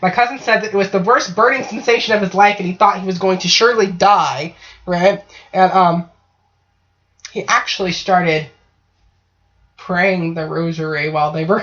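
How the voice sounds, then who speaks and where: A woman's voice: fairly low pitch, fairly even intonation, moderate pace, a bit bright. A woman host telling a story in casual chat, swearing freely and often asking 'right?'. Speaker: podcast host. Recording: dull lo-fi online call audio.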